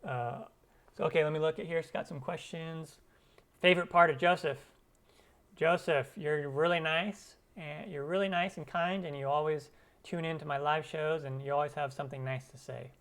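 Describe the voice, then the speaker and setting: A man's voice: fairly high pitch, fairly even intonation, moderate pace, fairly bright tone. A man hosting a cooking channel's live stream Q&A, chatting loosely with viewers and using many fillers. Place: lives in Arizona.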